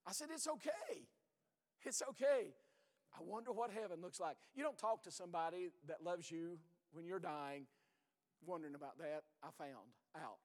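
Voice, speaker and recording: A middle-aged man preaching a sermon as pastor, earnest and hoarse, often sinking to a low, intense voice and repeating his words. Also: moderate pace, in a large hall.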